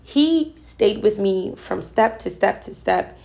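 A woman's voice: mid-range voice, expressive, slow, gravelly, a little mellow. Woman talking spirit and manifesting, earnest and emphatic, repeats herself, casual storytelling. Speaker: spiritual speaker. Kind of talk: personal storytelling about manifesting.

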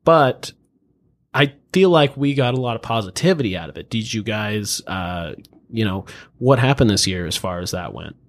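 A man's voice: lowish voice, expressive, normal speed. A young man hosting a casual podcast interview, laid-back, laughing often and swearing freely. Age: young adult. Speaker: podcast host.

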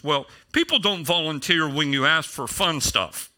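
A man's voice: fairly high pitch, unhurried, pushed and bright. A middle-aged male pastor preaching a sermon in a casual storytelling way, with self-deprecating humor.

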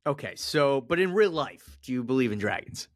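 A man's voice: medium pitch, expressive, moderate pace. A man co-hosting a sports podcast, chatting casually and laughing often at jokes. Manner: joking, laughs a lot. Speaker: podcast co-host.

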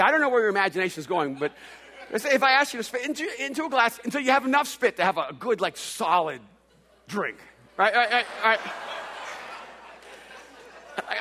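Animated, bright-voiced preacher in a hall. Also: male voice, very high-pitched, fairly quick. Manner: animated storytelling with playful humor and stammered restarts. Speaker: pastor. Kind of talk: sermon. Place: large hall with long reverb. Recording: echoey hall reverb.

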